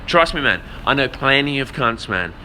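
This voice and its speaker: A man with a very bright, cutting voice rants bluntly to his live chat, dropping swear words and calling everyone "man" and "brother." He stalls on repeated words as he hunts for the next thought. A faint hum runs under him. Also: medium pitch, animated, normal speed. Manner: repeats words while searching for them. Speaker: livestreamer answering chat. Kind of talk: casual rant to a live audience.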